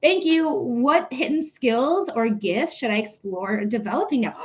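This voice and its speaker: A woman with a slightly high voice hosts a live reading stream in casual chat. She talks bluntly and animatedly, swears without hesitation and breaks off to greet viewers, close to the mic. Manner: blunt, outspoken, swears freely; animated, quick asides to viewers. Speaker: psychic reader hosting a live stream.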